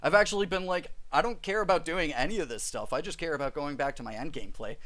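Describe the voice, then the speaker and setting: A man's voice: high-pitched, very animated, moderate pace, a bit bright. A man live-streaming a game, chatting with his viewers, reading their comments aloud and often laughing.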